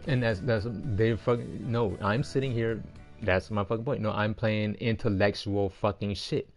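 A man's voice: lowish voice, fairly even intonation, moderate pace, faint music behind. Rambling, foul-mouthed male streamer. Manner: rambling, heavily profane, frustrated outbursts. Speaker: game streamer. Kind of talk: casual chat while playing.

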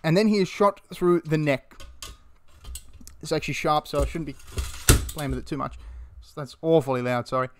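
With slight background noise behind him, a man with a slightly high voice narrates a battle for a history video at normal speed, leaving long pauses. He keeps it casual and animated, cursing and acting out quotes in character.

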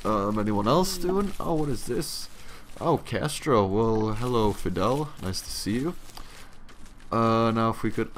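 A young man with a lowish voice gives unhurried, casual let's-play commentary over a slight hiss or hum. He's tired and yawning, grumbling at the game in a sarcastic, profane way.

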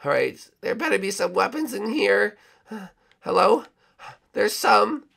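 Energetic gaming channel host, bright voice. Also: male voice, sits high, unhurried, vocal fry. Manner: energetic, upbeat. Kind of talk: game role-play video.

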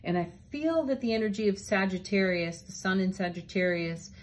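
A woman giving a spiritual tarot and oracle card reading, gentle and encouraging, laughing softly between cards. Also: mid-range voice, lively intonation, normal speed, slight background noise.

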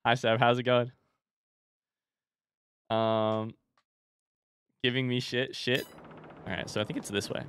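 A man's voice: mid-range voice, level tone, a little slow, long pauses, a bit bright, smooth. Chatty young man streaming a game. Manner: chatty, talks to chat, swears casually. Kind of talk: casual live-stream gaming commentary.

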